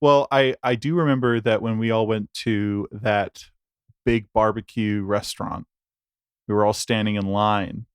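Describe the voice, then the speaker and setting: A man's voice: lowish voice, steady tone, a little slow, clean tone, no room sound. A young man co-hosting a podcast, telling stories in a rambling, laughing, casual chat. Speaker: podcast co-host.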